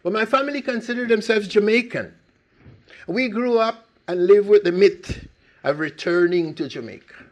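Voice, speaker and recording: Older Costa Rican-born man, gravelly voice, animated emphatic storyteller who restarts phrases. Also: high-pitched, moderate pace. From Limón province, Costa Rica. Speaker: speaker telling his life story. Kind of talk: personal storytelling talk.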